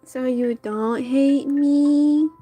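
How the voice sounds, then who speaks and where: Slurring drunk girl played by a woman, high and pouting, slow drawl. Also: fairly even intonation, warm tone, soft background music. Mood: pleading. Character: drunk young woman, giggly and defiant.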